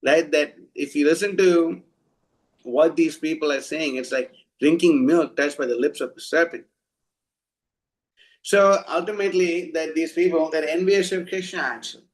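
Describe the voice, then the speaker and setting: A man with a somewhat high voice gives an informal devotional talk. He speaks bluntly and scolds his listeners. He often stops and restarts his sentences. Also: low-quality recording. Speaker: devotional preacher.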